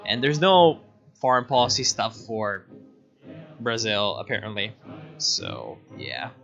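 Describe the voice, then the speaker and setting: A man giving casual, profane, excitable commentary while livestreaming a strategy game, often laughing. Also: lowish voice, takes it slowly, gravelly. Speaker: streamer. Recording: dull lo-fi mic with faint music.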